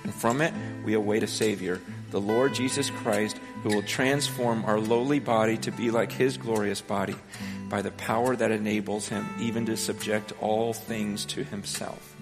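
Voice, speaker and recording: A man's voice: lowish voice, steady tone, normal speed. Preaching man in a reverberant hall. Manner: preaching with rising intensity, quoting scripture, rhetorical questions. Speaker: pastor. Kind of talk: sermon. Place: church hall. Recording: live sermon with long hall reverb and soft guitar behind. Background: faint guitar music.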